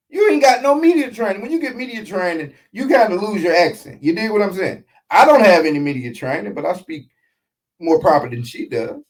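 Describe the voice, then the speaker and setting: A man hosting a casual reaction commentary show, talking in an animated, slangy way with frequent asides. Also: high-pitched, a little fast, rough recording. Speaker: show host reacting to a clip.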